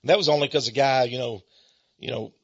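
A man, a Christian speaker telling stories in an animated, chuckling sermon style. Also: mid-range voice, fast, husky, lo-fi sound. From Texas, USA. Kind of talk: storytelling sermon.

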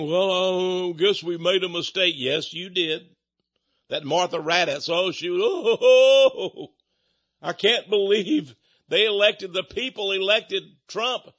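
A man's voice: high-pitched, sharp tone, husky. An older man giving a combative, sarcastic political monologue and repeating words as he goes. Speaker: political commentator. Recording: dull lo-fi sound.

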